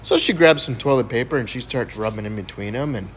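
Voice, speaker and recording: A man's voice: fast talker, slight background noise. A man telling dirty jokes, acting out the characters with sudden leaps in his voice. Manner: animated, voices characters with big pitch jumps. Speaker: joke teller.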